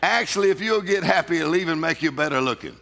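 Gravelly bright-voiced preacher in a reverberant hall. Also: male voice, fairly high pitch, expressive, fast. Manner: emphatic preacher who laughs often and calls out to the congregation. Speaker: pastor. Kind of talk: sermon. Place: church.

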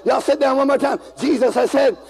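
A man preaching a fiery revival sermon to a congregation, shouting and calling for responses. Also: very high voice, fairly quick, gravelly, breathy edge, soft background music, poor audio. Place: church with congregation.

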